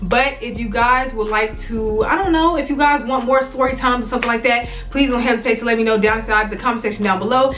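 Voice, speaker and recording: A woman's voice: a little high, fairly bright tone. A young woman vlogger telling a casual story-time tale, rambling and profane, full of "like"s and acted-out quotes. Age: young adult.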